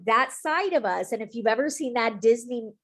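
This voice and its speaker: A woman's voice: fairly high pitch, expressive, normal speed, fairly bright tone. A woman co-host chatting casually on a video call, affirming and chiming in with agreement. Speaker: co-host of a coaching group.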